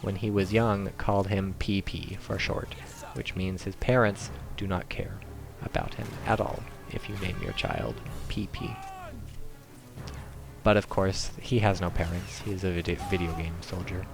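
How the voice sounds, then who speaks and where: Man, low pitch, gravelly, joking gameplay commentary, faint background music. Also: measured pace. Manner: joking, gets excited and high-pitched when the action heats up. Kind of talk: replay commentary.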